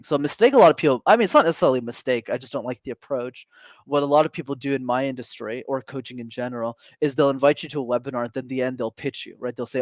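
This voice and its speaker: A man, a communication coach and podcast guest, explaining his business in a fast, energetic, casual way with many fillers. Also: mid-range voice, dry recording.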